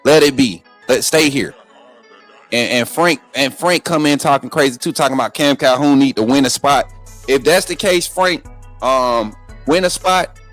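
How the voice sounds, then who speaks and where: A sports show host's medium-pitched, slightly bright voice moves at normal speed with faint music behind it. On his live sports talk stream he argues combatively, repeats himself, speaks directly to viewers, and reads their chat messages aloud.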